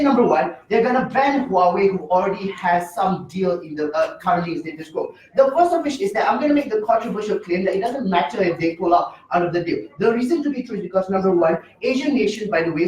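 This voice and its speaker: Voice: mid-range voice, far from the mic. Emphatic debater in an echoey room. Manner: emphatic, heavy signposting, rapid rebuttals. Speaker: competitive debater. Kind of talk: competitive debate speech. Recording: roomy echo, mic from afar.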